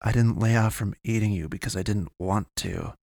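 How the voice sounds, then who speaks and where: A man voicing a wounded, dying male werewolf in an audiobook, speaking low, muttering and bitter. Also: normal speed, vocal fry, a little mellow, no room sound, clean studio sound. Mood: weary.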